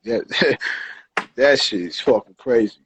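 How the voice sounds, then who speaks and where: A man's voice: medium pitch, lively intonation, slow, a bit bright, breathy edge, poor audio. A man hosting a casual live interview, hyped and slangy, peppering his talk with "yo". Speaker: interview host. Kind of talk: casual livestream chat. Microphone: livestream.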